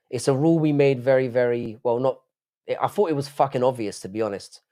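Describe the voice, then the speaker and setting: A man's voice: medium pitch, brisk, warm tone. A man in his thirties hosting a live stream, chatting casually, reading out chat and answering bluntly with a lot of swearing. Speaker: livestream host.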